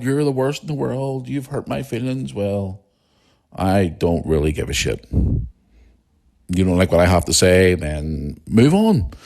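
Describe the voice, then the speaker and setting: A man's voice: sits low, a little mellow. Blunt, heated man hosting a podcast. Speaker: podcast host. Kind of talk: casual opinion monologue.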